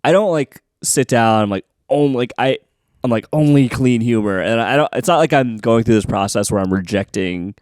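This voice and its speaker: A man's voice: medium pitch, moderate pace, smooth, dry recording, clean studio sound. A man, a comedian, chatting on a podcast, telling stories with acted-out quotes and frequent laughs. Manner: animated storyteller, acts out quotes, laughs often. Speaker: comedian guest. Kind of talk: casual chat. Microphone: studio mic.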